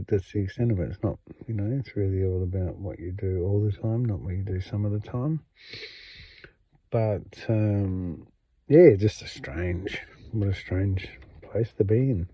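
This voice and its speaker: Aussie bloke rambling on his podcast, slow and halting, dry dull lo-fi sound. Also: fairly low pitch, no room sound. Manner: rambling, halting, many fillers and restarts. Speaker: podcast host. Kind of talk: unscripted late-night monologue.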